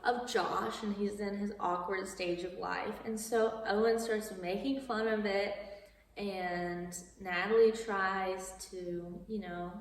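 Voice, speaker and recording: A woman's voice: medium pitch, fairly even intonation, takes it slowly. A young woman casually recapping a movie plot, chatty with lots of asides and laughs. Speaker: video creator. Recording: echoey hall from far off.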